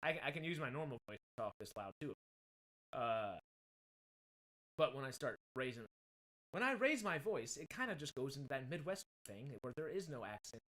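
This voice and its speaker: A man's voice: mid-range voice, lively intonation, normal speed, fairly bright tone. A man, chatting casually on a home livestream in a rambling, self-correcting way while he fixes mic problems on a desktop mic. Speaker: streamer. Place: home streaming room. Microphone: desktop USB mic with pop filter.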